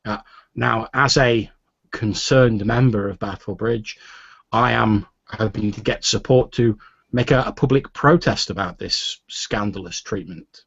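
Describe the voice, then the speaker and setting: A man voicing a soft-spoken, polite woman who talks hesitantly. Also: lowish voice, measured pace, vocal fry, breathy edge, no room sound, heavily acted. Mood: earnest. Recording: dull lo-fi recording.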